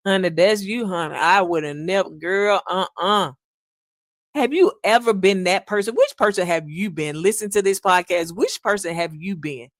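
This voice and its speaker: A woman hosting a solo podcast, talking with folksy asides and repeating key lines slowly for emphasis. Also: medium pitch, no room sound, clean studio sound. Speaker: podcast host.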